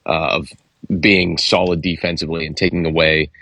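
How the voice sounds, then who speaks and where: A man co-hosting a sports radio show, talking football in a halting way with many restarts. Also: very deep voice, little pitch movement, pushed and bright, husky, no echo. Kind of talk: casual sports talk.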